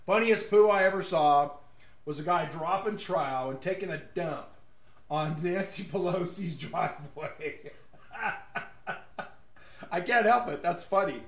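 In an echoey room, a fairly high-voiced man from West Texas mocks his targets through a casual, opinionated ramble. He goes slowly, with long pauses, and chuckles at his own jokes.

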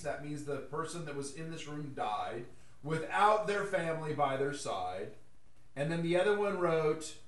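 A man's voice: on the high side, big pitch swings, a little slow, a bit bright. Sarcastic male political commentator, echoey room. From American South. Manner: sarcastic, laughs at his own jokes.

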